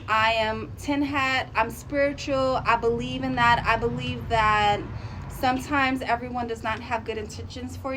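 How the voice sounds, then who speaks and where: A woman vlogger casually shares a spooky tale with her viewers, chatty and animated, laughing often and stretching out her words. Her voice is fairly high, with a little hiss or hum in the recording.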